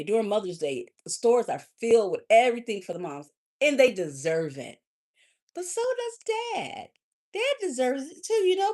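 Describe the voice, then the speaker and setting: A woman coach speaking live to her audience in a preacherly, lively way. She calls people honey and baby, rising loud then dropping soft. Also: a little high. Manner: animated, swings between loud and soft. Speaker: life coach hosting a livestream. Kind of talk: live motivational talk.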